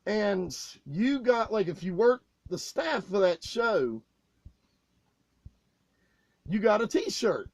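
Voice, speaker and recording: A man co-hosting a casual podcast, telling profane backstage stories with loud, animated outbursts. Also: high voice, slow, pauses often, no echo. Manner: loud, swearing, animated retelling with raised outbursts.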